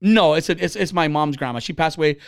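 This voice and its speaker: In a clean studio recording with no echo, a thirtyish man talks fast in a clear, resonant voice. His casual storytelling is blunt and full of swearing, and he performs the people he quotes with sharp pitch leaps.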